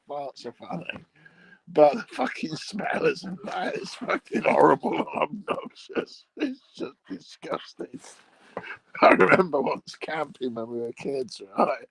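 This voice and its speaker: A man's voice: on the high side, vocal fry, a bit bright, dry recording, rough recording. A man rambling through crude comic chat, bawdy and meandering, chuckling at his own jokes. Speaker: comic monologue host.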